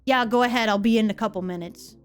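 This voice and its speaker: A woman's voice: fairly high pitch, fast, clear, resonant tone, soft background music, voice pushed down, natural voice. A woman voicing an irritated male store manager who speaks in clipped, stern lines.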